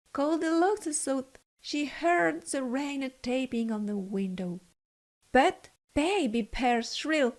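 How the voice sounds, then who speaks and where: A woman narrating a children's fairy tale in a gentle storybook reading. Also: on the high side.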